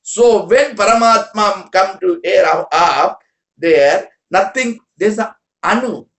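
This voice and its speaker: A man with a high voice gives a spiritual talk in halting, repetitive English. The sound is echoey, as if recorded in a room. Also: fairly bright tone. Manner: broken English, repetitive, rambling. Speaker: spiritual teacher.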